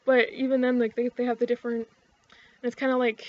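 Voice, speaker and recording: A woman's voice: on the high side, flat delivery, normal speed, darkish tone, dull audio. A young woman with an Ottawa-area Canadian accent, chatting casually to camera in a rambling, sweary way, full of fillers and restarts. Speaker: vlogger.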